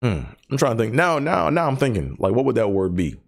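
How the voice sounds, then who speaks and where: A man's voice: medium pitch, sing-song, brisk, creaky. A man hosting his own show, talking casually and rambling about stuttering, with many fillers, repeated words and the stutter he lives with. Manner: person who stutters. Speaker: podcast host. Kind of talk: casual solo chat.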